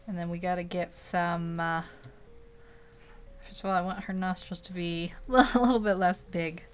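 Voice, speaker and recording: A woman's voice: lowish voice, steady tone, moderate pace, clean tone. A young woman casually narrating as she paints a digital portrait, chatty and rambling, laughing often between thoughts. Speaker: digital art streamer.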